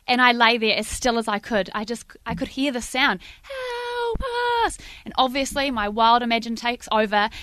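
Brief: middle-aged NZ woman storyteller, lively and self-mocking, fairly high, dry close sound. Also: clear, resonant tone, dry recording. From New Zealand. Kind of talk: spoken storytelling to a live audience.

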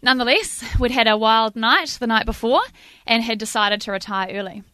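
A middle-aged woman, telling a lively, self-mocking camp story to a live audience. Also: on the high side, fairly quick, no room sound. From New Zealand.

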